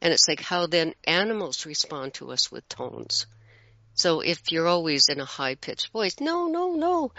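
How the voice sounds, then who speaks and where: A middle-aged guest chatting in a bright, forceful voice that carries plenty of spoken examples. The sound is dry and close, with a dull lo-fi quality. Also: medium pitch, no room sound. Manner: animated, explains with spoken examples. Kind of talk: casual conversation. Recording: dull lo-fi audio.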